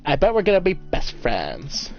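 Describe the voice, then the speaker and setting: A man voicing an eager young adult daughter heading off to college, chatty and excited. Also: on the high side, normal speed, gravelly, full character voice. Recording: dull lo-fi mic, faint music.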